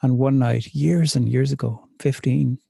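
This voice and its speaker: A Northern Irish man reads poetry and tells stories at an unhurried, thoughtful pace. His voice is low-toned, mellow and gravelly, with a bit of fry. The sound is dry and close, with no room around it. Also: steady tone, dry recording. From north of Ireland. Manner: slow, measured, reflective telling. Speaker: poet. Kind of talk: poetry reading and storytelling.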